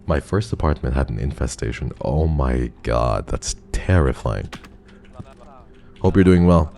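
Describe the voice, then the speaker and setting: A man's voice: very deep voice, expressive, a little slow, gravelly, darkish tone, slight background noise. A male streamer giving live commentary on a game, talking to his chat and swearing in frustration.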